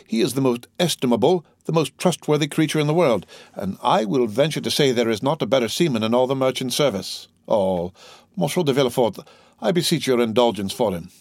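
A man's voice: on the low side, normal speed, darkish tone, no room sound, close to an everyday voice. A man voicing an anxious middle-aged shipowner who eagerly pleads for his young mate in a raised, imploring voice, in a dry, close recording. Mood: pleading.

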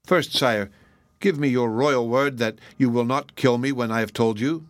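Read by a man, a humble young thief pleads his case earnestly and cleverly. The voice is dry and close. It sits at an ordinary middle pitch. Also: normal speed, dry recording, close to an everyday voice. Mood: pleading.

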